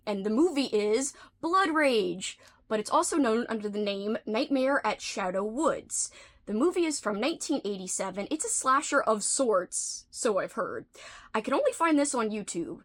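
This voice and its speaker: A woman with a slightly high, animated voice hosts a casual vlog at normal speed. She's playful and talkative, occasionally dropping into whispered asides.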